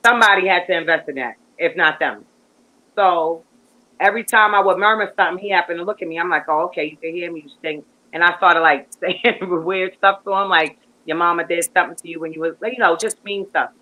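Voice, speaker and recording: A woman guest telling a long story in casual chat, animated and rambling, with lots of fillers and restarts. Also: on the low side, a little fast, narrow, tinny audio.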